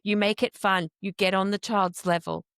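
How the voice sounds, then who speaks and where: A woman's voice: medium pitch, steady tone, moderate pace, a bit bright, smooth, dry recording, studio quality. A woman hosting an interview, talking earnestly and emphatically as a foster carer. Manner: earnest, emphatic, acts out quoted speech.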